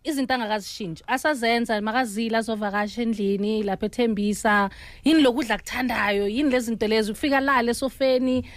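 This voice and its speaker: A woman leads the interview and keeps her guests talking with quick nudges. Her slightly high voice is recorded close and dry, with no room echo. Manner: encouraging, frequent short affirmations. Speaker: host. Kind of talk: interview conversation.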